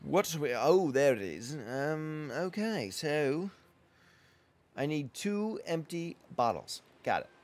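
A man's voice: a little high, big pitch swings, takes it slowly, darkish tone. A man giving casual let's-play commentary while he plays a survival game, chatting to himself and to the game's characters and yelping when something startles him. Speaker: gamer playing a survival game.

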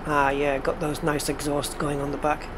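Here the host speaks at a normal pace in a monotone, his voice on the high side, and the recording is very noisy. Faintly northeast English in accent, he plays a truck game, chatting casually to himself and to his viewers.

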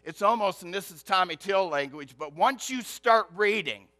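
A male pastor with a high-pitched voice preaches at a moderate pace, and there's no room sound. His emphatic sermon shifts between loud accents and hushed asides, gaining rhythm through repetition.

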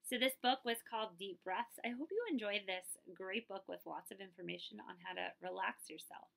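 Gentle woman librarian reading to children. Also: mid-range voice, moderate pace, gravelly. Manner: gentle, coaxing storytime delivery. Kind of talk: children's read-aloud.

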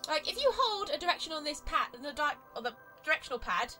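Young british woman rambling over a game, high bright voice, light music behind. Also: quick pace. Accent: exaggerated British. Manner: chatty, excitable, rambling. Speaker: let's play host. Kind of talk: gameplay commentary.

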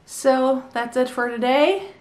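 A woman's voice: high-pitched, slow pace. A woman in her thirties talking to camera in a casual, candid vlog, a little out of breath. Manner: chatty, candid, mildly breathless. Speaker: vlogger. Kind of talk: casual pregnancy update vlog. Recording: echoey room, voice from far off.

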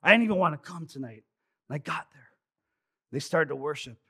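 A man voicing a tired young male construction worker with a raspy voice, fervent about worship. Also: a little high, expressive, a little fast, sharp tone, exaggerated voice. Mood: weary.

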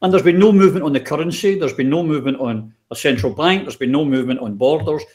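A man's voice: a little high, quick pace, a little mellow. A man hosting an interview, speaking emphatically and putting pointed rhetorical questions. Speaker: host. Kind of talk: conversational political interview.

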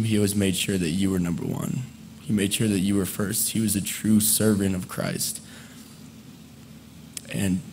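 Young man giving a halting eulogy. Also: fairly low pitch, slight background noise. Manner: conversational, halting, with fillers and soft laughs. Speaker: eulogist, friend of the deceased. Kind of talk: memorial eulogy. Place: memorial service hall, indoors.

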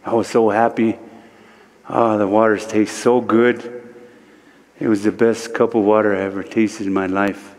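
A man from Standing Rock, a guest speaker at a church service, telling a spiritual story slowly, with many repeated "he said" lines. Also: on the low side, flat delivery, a little mellow, big-room sound. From Standing Rock, United States. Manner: slow and repetitive, retelling speech with many "he said".

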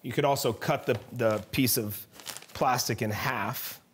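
A man's voice: mid-range voice, unhurried, slight background noise. A man, a chef, chatting casually while cooking in a demo kitchen, telling stories with frequent laughs and restarts.

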